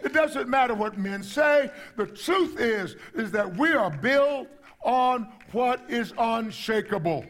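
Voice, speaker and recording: A man's voice: extremely high pitch, animated, takes it slowly, a bit bright. A pastor preaching a sermon, emphatic, climbing to exclamations and repeating his words as he goes.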